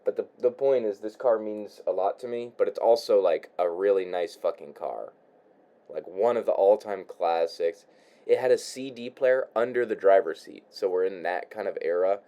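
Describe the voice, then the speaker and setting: Low-voiced young man rambling nostalgically. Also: mellow, muffled recording. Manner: halting, repeats words, sighs, swears casually. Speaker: vlogger. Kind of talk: rambling casual monologue while crafting. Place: his room.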